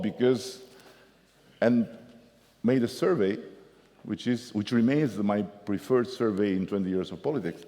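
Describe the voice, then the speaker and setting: A man with an Albanian accent, a politician telling lively anecdotes and acting out the people he quotes as a guest at a forum. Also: on the low side, unhurried, long pauses. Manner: animated storyteller, acts out the people he quotes. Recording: long reverb of a conference hall.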